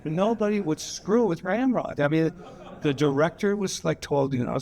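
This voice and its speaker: A man's voice: fairly high pitch, expressive, normal speed, gravelly, a little mellow. An older man, a guest actor at a screening Q&A, telling loose, profane, laughing anecdotes on a cinema stage. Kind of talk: rambling anecdotal storytelling. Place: cinema stage before a live audience.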